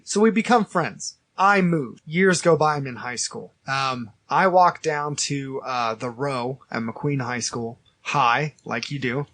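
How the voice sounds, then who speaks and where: A man in his thirties, a podcast host, telling animated stories in casual chat and laughing often. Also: medium pitch, unhurried, few pauses.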